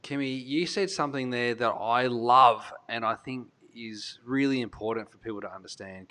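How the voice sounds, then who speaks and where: A man's voice: mid-range voice, fairly bright tone. Earnest male podcast host. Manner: earnest, reflective, restarts sentences. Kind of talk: podcast interview.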